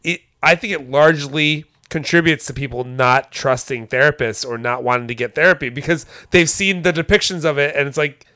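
A man's voice: on the high side, brisk, hardly any pauses, bright, forceful tone, no echo, clean studio sound. A man co-hosting a casual talk show, blunt and profane, who laughs often. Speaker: podcast co-host. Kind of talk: casual chat.

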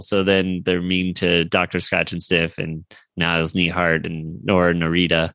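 A man co-hosting a fan podcast, recapping a cartoon episode in a rambling, animated way with many fillers. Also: sits low, a little slow, gravelly, dry recording. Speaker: podcast co-host.

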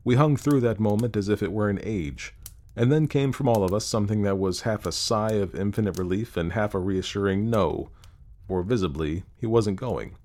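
Male audiobook narrator, low voice, measured dramatic storytelling. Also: darkish tone. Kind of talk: scripted narration.

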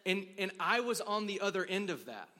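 A man's voice: high voice, big pitch swings, a little fast, pushed and bright. A man from Dallas preaching a sermon, telling a story in a casual, chatty way with lots of "like" and acted quotes. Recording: long hall reverb.

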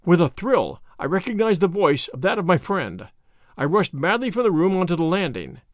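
A man narrating a detective story in an animated, dramatic reading. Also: sits high, moderate pace, dry recording, studio quality. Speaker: audiobook narrator.

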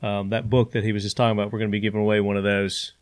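A man hosting a casual podcast discussion, chiming in with relaxed, easygoing remarks. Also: on the low side, very fast. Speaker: podcast host.

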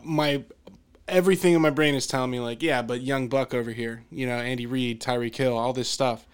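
A man's voice: medium pitch, steady tone, a little fast, smooth. Male podcast host, casual and rambling, talking sports. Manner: rambling, trails off and restarts. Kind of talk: casual chat.

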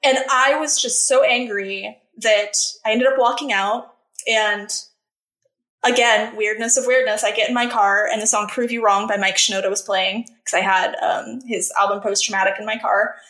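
A woman's voice: mid-range voice, fairly even intonation, normal speed, fairly bright tone. A woman guest on a podcast, telling her personal story candidly, earnest and emphatic, rising sharply when she relives her anger. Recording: roomy echo.

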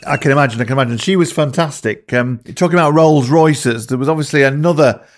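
A man's voice: a little high, fast, very noisy. Man asking eager interview questions.

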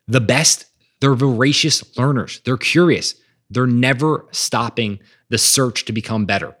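A man's voice: medium pitch, measured pace, fairly bright tone. A man hosting a podcast, talking with energy and emphasis about growth mindset and reading quotes aloud. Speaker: podcast host. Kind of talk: motivational monologue.

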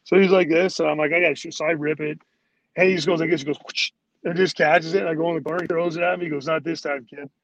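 A man's voice: fairly high pitch, steady tone, racing, highs cut off, crowd noise. A man who played pro hockey, a guest telling stories in a rambling way, full of "like"s and acted-out quotes of teammates. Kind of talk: casual storytelling.

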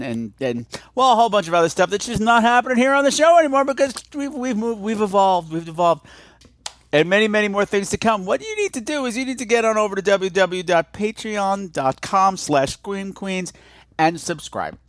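A podcast host with a slightly high voice chats casually in a campy, playful style, tossing in theatrical asides. The recording has no echo.

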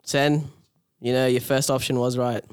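A man's voice: mid-range voice, little pitch movement, moderate pace, clear, resonant tone, no echo, clean studio sound. A man on a casual podcast, chatting and laughing as he plays a movie quiz. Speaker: podcast co-host, game player. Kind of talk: casual banter.

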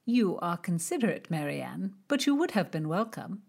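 A woman's voice: lowish voice, very animated, normal speed, gravelly, darkish tone, full character voice. A woman voicing a guarded young female innkeeper in an audiobook, speaking formally and coolly polite. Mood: gentle. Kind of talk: audiobook character reading.

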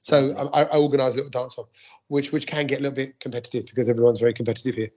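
A man, a stand-up comic co-hosting a podcast, telling an anecdote in a lively, animated way. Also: medium pitch, rapid-fire. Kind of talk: casual chat storytelling.

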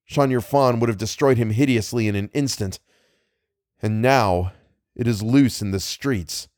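A man voicing a distraught gentleman who blames himself and speaks urgently about a danger on the loose. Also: mid-range voice, unhurried, no echo, studio quality, natural voice. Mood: alarmed. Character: agitated, self-blaming man in alarm.

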